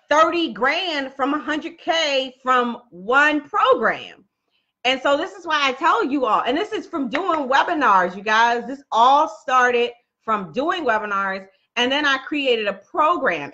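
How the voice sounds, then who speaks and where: Bright chatty woman on a live stream. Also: fairly high pitch, dull audio. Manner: chatty, talks straight to viewers, laughs often. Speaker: business coach hosting a live stream. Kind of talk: casual live-stream talk.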